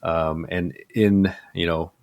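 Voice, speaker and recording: A man with a fairly low voice hosts a casual movie podcast. He chats in a relaxed, easygoing way and pads his talk with fillers. At times he reads out what happens on screen. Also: slow pace, creaky, highs cut off. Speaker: podcast host. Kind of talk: casual movie podcast chat and scene narration.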